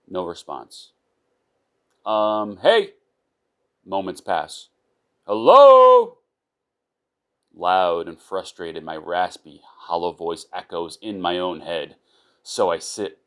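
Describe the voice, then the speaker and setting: A man with a very low, deep voice reads a first-person story aloud. His delivery is unpolished, with small stumbles, restarts and repeated words along the way. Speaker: narrator of his own short story.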